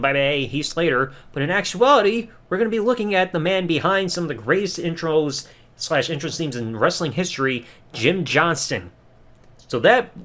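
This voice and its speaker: A man's voice: a little high, a bit bright. A man hosting a podcast, giving a sarcastic, casual episode review and swearing freely. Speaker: podcast host.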